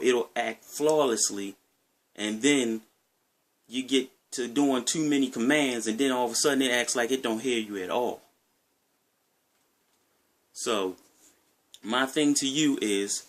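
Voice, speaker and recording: A man's voice: mid-range voice, a bit bright. Rambling man with a Maryland accent. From Maryland, USA. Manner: rambling, conversational, repeats himself. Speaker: gaming vlogger. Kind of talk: casual talk to camera.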